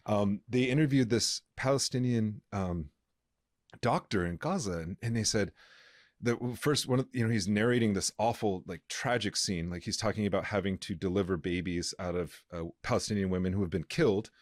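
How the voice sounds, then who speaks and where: Low-voiced man, earnest podcast host. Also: dry recording, studio quality. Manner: halting, many fillers and restarts; earnest, impassioned. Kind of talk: casual conversational interview.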